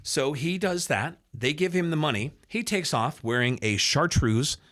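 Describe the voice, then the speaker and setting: Animated man telling a radio story. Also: fairly high pitch, measured pace. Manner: lively storyteller, acts out other people's lines in quotes. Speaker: radio host and sports announcer, podcast guest.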